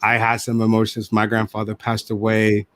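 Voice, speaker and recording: A man's voice: lowish voice, monotone, normal speed, a bit bright, no echo. A man hosting an interview, talking reflectively and telling stories with frequent restarts. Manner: reflective, storytelling, many restarts. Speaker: podcast host. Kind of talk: casual interview chat.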